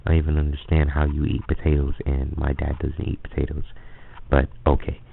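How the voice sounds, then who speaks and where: A man's voice: very deep voice, completely flat delivery, fairly quick, gravelly, slightly rough, voice pushed down, exaggerated voice. A man voicing a homesick young nephew who mutters sulky complaints. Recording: phone-like lo-fi audio.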